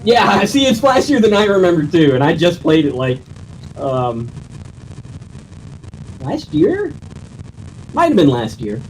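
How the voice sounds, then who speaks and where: A man's voice: high-pitched, big pitch swings, unhurried, long pauses, slight background noise, rough recording. A man co-commentating a game race casually, explaining how the game works. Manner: explanatory, chuckling asides. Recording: faint game music behind.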